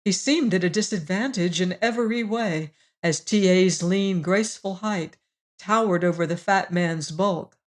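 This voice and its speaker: A woman narrating a classic novel as an audiobook, measured and expressive. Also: fairly low pitch. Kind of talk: scripted narration.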